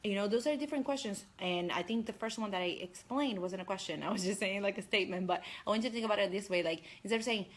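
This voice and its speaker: A young woman life coach giving an energetic, chatty motivational talk on a live stream, speaking straight to her viewers. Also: medium pitch, fast, hardly any pauses.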